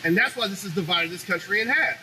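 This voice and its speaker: A man hosting a commentary show, ranting in an animated, profane opinionated monologue. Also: high-pitched, quick pace, a little hiss or hum, low-quality recording.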